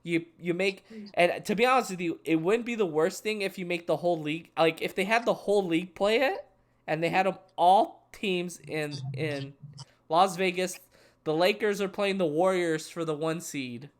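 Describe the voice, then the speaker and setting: A man's voice: high voice, moderate pace. A young man co-hosting a casual sports chat, rambling and restarting his thoughts mid-sentence. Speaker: podcast co-host.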